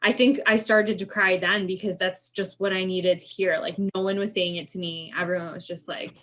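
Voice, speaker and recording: A woman's voice: fairly low pitch, level tone, normal speed, fairly bright tone. A young woman candidly recounting a hard personal experience in casual conversation, emphatic and full of "like" fillers. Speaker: co-host sharing a birth story.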